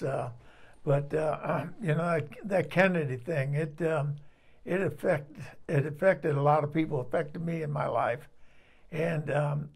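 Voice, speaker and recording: An older man hosting his channel, talking in a loose, folksy, rambling way and clearing his throat now and then. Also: on the high side. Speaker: channel host. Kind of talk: casual spoken outro.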